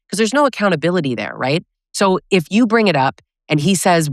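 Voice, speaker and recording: A woman with a low, grounded voice speaks straight to her viewers, blunt and emphatic. Her advice lands as a direct address, with a close and dry sound and no room echo. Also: expressive, brisk, few pauses. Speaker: host. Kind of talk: direct-to-camera advice monologue.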